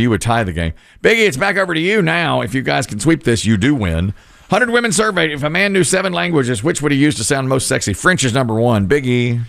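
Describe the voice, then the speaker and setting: A man hosting a game on a radio show, with quick announcer patter and the question repeated again and again. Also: medium pitch, gravelly, a bit bright, no echo, studio quality.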